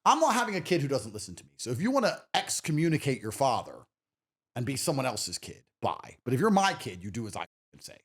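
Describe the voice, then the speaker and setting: A swaggering man talks as a podcast guest, his voice rising and falling a lot over a middle pitch. He is blunt and profane, and he tells stories with a cocky edge. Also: huge pitch swings, quick pace, breathy edge. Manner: brash, profane, swaggering storyteller. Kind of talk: casual chat.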